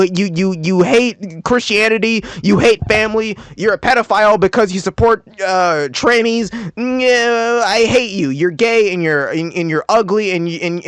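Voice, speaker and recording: A man's voice: very high-pitched, creaky, fairly bright tone, no echo, voice pushed up, exaggerated voice. A man voicing an angry online male fan who whines and sputters insults at critics. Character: angry online right-wing male fan, petty and ranting.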